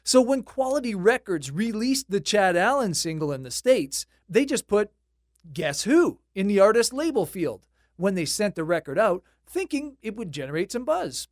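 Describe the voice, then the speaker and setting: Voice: mid-range voice, sing-song, moderate pace, dry recording. A host narrating music history in a scripted, conversational way with light wry asides, recorded close and dry.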